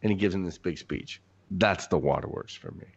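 A man's voice: low voice, a little fast, breathy edge, lo-fi sound. A man, a filmmaker guest on a podcast, talking with enthusiastic, profane, gushing energy. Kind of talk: casual film chat.

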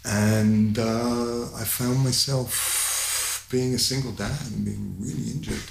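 A man, a guest telling a personal story in conversation, animated and candid, his voice climbing in the tense parts, with fillers and swearing. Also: mid-range voice, takes it slowly, gravelly, reverberant, noisy background. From London, England.

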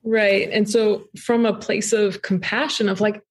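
A woman's voice: mid-range voice, a little slow, slight background noise. A woman in her thirties, a podcast guest and camp co-founder, telling a story in a thoughtful, conversational way with frequent ums. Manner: thoughtful, frequent ums, animated when retelling.

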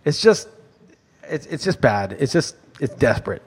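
A man's voice: mid-range voice, sing-song, moderate pace, husky. A man co-hosting a casual podcast chat, ranting emphatically and swearing freely. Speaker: podcast co-host.

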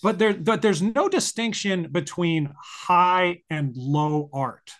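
A podcast host with a high, expressive voice talks slowly in a casual, conversational style. He rambles, filling the chat with lots of fillers and restarting his sentences.

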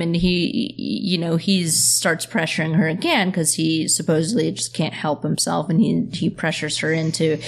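Earnest, fast-talking woman podcast host. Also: fairly low pitch, vocal fry. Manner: earnest, talks in quick bursts with many fillers. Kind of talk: casual podcast discussion.

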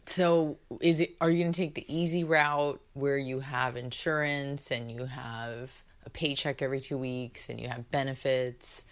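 A woman's voice: a bass voice, flat delivery, normal speed, few pauses. A woman hosting a podcast in casual chat, bubbly and rambling, laughing often, recorded indoors. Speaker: podcast host. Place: indoors in London.

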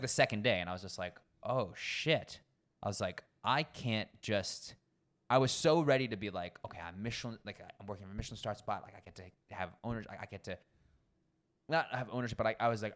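Young male sommelier guest, low-ish voice, lively casual storyteller who swears freely. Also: a little fast. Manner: animated, acts out quoted people, frequent swearing.

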